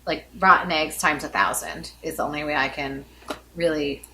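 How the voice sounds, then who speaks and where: A woman in her thirties co-hosting a casual chat, telling stories in an animated, dramatic way. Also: low-pitched, normal speed. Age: 30s. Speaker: podcast co-host.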